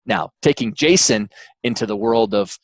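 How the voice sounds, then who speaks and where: A man, an author interviewed as a guest, telling an anecdote in a relaxed way with frequent fillers and restarts. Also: on the low side, moderate pace. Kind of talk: interview storytelling.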